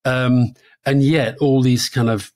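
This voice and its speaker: Man, british accent, podcast co-host, casual chat, mid pitch, restarts and repeats words. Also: fairly even intonation, takes it slowly, darkish tone. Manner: conversational, repeats words while thinking.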